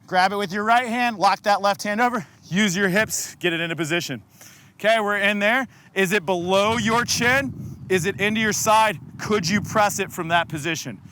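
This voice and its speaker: A man with a high, bright voice leads a group workout class as fitness coach. He talks in energetic coaching cues and counts down the seconds, like a trainer calling out to people in the room. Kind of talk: follow-along workout instruction.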